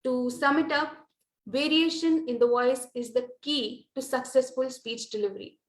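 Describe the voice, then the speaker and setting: High-voiced woman lecturing in an echoey room. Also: fairly even intonation. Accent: Indian English. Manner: measured, explanatory with frequent fillers. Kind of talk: lecture on presentation skills.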